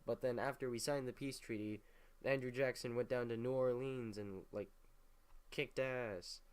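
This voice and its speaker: A man's voice: mid-range voice, steady tone, normal speed, smooth. A young man casually retelling history in a rambling, profane way, full of filler words. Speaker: history recap host.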